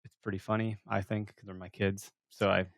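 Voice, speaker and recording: A man's voice: fairly low pitch, level tone, brisk, creaky, no echo, clean studio sound. A man hosting a podcast, chatting casually and joking around with some swearing. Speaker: podcast host. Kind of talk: casual chat.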